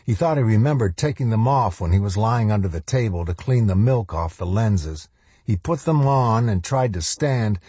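A male audiobook narrator reads a novel from a script in a low, dark, husky voice. His measured pacing slows for the weightiest lines, and the recording is dry and close with no room sound.

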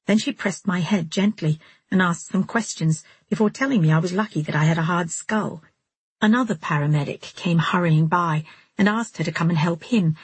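A woman narrating a first-person novel as an audiobook in a measured storytelling manner. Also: on the low side, breathy edge, no echo.

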